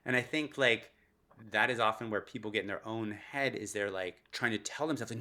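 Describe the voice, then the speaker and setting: Man, podcast guest, somewhat low pitch, animated, laughing between points. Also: a little fast. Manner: animated, laughs often while explaining. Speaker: guest neuroscientist. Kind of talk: podcast interview, explaining.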